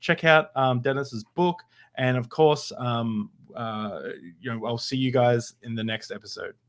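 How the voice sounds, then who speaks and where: A man's voice: medium pitch, measured pace, fairly bright tone. A man hosting a podcast interview, chatting casually, laughing often and stopping on fillers. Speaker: podcast host.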